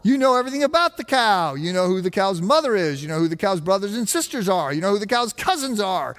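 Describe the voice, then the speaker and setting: A man's voice: high-pitched, very animated, fast talker, fairly bright tone. A man voicing an earnest adult male Maasai guide who insists emphatically and repeats himself. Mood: insistent. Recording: long hall reverb.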